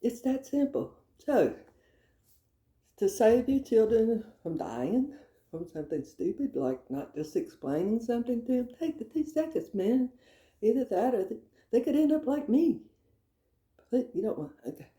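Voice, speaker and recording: A woman's voice: on the high side, very animated, normal speed, pauses often, mellow. A woman telling rambling comic childhood stories, breaking into exasperated rants. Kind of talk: casual comedic storytelling. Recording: echoey room.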